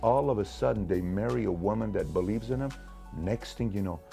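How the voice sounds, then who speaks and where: A man's voice: lowish voice, a little fast, gravelly, mellow, soft background music. A man giving relationship advice in an emphatic, repetitive, preachy motivational talk.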